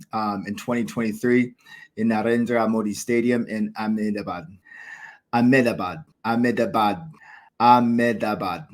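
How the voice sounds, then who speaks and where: A man from the United States talking casually to camera about cricket, rambling and poking fun at himself. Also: fairly low pitch. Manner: rambling, self-mocking, chatty. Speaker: cricket video host. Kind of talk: casual solo commentary to camera.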